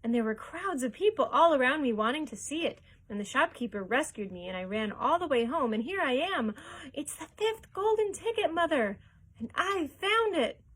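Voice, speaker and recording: Woman playing a young boy bursting with joy, shrill and loud, words tumbling out, storybook reading. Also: lively intonation, moderate pace. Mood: overjoyed.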